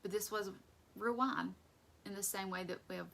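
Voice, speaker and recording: Chatty woman with a gravelly voice. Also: medium pitch, fairly even intonation, normal speed, fairly bright tone. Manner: chatty and conversational, acting out voices. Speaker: Bible study teacher. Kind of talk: casual Bible teaching.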